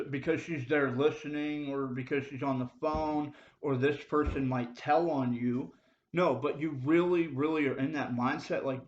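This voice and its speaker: A young man giving a casual, slangy preaching monologue, emphatic and at times loudly insistent. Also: on the high side. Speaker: ministry video speaker. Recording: dull lo-fi audio.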